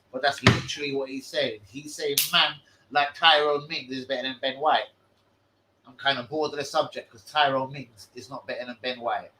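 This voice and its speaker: Young guy ranting on a stream, bit high voice, light hiss behind, swears a lot. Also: rough recording. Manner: loud, swearing, banter-heavy street slang. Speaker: football fan channel host. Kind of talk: live stream chat.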